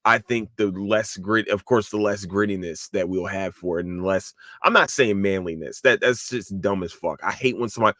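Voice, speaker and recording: Profane, animated man ranting on a podcast. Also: normal speed, no echo, lo-fi sound. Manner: profane, animated, mocking high-pitched impressions. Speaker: podcast host. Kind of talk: solo podcast rant.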